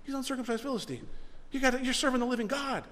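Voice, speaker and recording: A preacher doing a bold shepherd youth. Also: male voice, very high-pitched, very fast, a bit bright, big-room sound, pitched above the performer's own voice. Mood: indignant.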